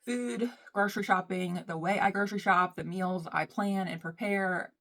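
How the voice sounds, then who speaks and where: A woman's voice: mid-range voice, fairly even intonation, moderate pace, vocal fry, a bit bright. Chatty woman vlogging. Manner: chatty, rambling, says "y'all" often. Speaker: beauty vlogger. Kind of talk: casual chat while doing makeup.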